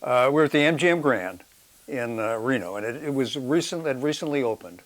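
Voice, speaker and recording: A man telling a travel story in a documentary interview. His voice is mid-pitched and his telling is loose and casual. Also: lively intonation, a little fast. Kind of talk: interview recollection.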